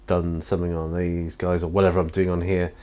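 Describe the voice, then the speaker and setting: Painting in his home hobby studio, a tired man with a strikingly deep, low voice chats casually, yawning again and again. He rambles and puts himself down, his delivery flat, a little quick, and darkish in tone.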